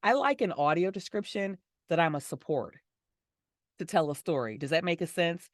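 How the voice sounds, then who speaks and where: A middle-aged woman, a voice actor and audio description narrator, answering interview questions in a warm, smiling way and laughing easily. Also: lowish voice, expressive, normal speed, no echo, studio quality.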